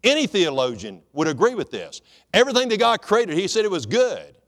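A man's voice: high voice, wildly swooping pitch, brisk, a bit bright. Folksy preacher man. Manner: folksy, joking, calls for amens. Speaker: pastor. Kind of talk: sermon.

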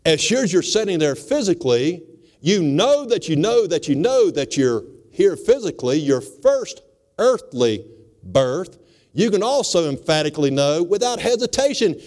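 A male pastor preaching an emphatic sermon in a church, stressing words with dramatic pauses. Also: high-pitched, big pitch swings, darkish tone. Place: church sanctuary, also broadcast by radio.

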